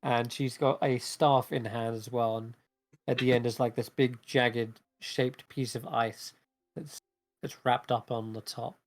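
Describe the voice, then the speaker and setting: A man's voice: mid-range voice, steady tone, a little slow. A man narrating a tabletop game as game master in a casual, rambling way.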